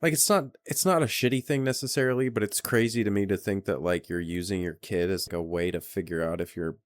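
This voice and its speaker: A man's voice: on the low side, quick pace, dry recording. A man co-hosting a podcast, laid back and swearing casually while discussing a horror film. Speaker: podcast co-host. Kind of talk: casual movie recap chat.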